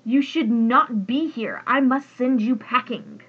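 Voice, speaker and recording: Storybook: a woman doing a wheezy, furious tree-guardian man, high and slow, lo-fi tape. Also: husky. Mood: raving. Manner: loud, ranting. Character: gruff angry male tree guardian creature.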